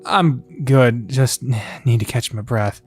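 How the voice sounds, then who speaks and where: A man's voice: medium pitch, takes it slowly, soft background music, natural voice. A man voicing an anxious, worn-out young male coyote who speaks hesitantly and stammers. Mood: tentative.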